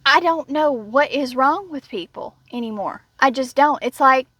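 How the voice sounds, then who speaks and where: A woman's voice: sits high, moderate pace, a bit bright, no room sound. A woman telling a story in a casual vlog rant, blunt, indignant and sarcastic. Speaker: vlogger.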